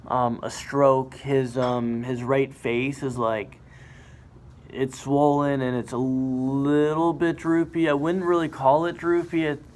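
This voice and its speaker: A young man vlogging at a hospital, sounding sick and rambling with many fillers and restarts. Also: mid-range voice. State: sick, voice affected by illness. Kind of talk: casual vlog to camera. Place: hospital ward and car at night.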